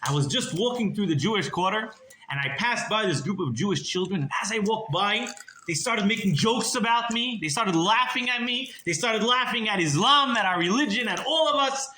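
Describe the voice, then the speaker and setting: A man's voice: high voice, lively intonation, moderate pace, bright, forceful tone, a little hiss or hum, voice pushed up. A man putting on a furious, proud sheikh. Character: indignant proud male sheikh, furious at mockery. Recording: roomy echo.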